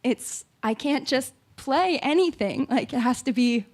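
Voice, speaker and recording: A woman hosting a live songwriter show, talking on stage while close to tears, rambling and halting and laughing through it. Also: sits high, lively intonation, a little mellow. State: tearful, on the verge of crying. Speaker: host and singer-songwriter. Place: small live music venue stage.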